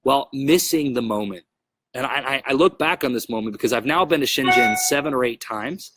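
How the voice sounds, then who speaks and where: A young adult man hosting a podcast, telling a travel story in a casual, animated way and acting out his own frustrated outbursts. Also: mid-range voice, brisk, over music. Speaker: podcast host.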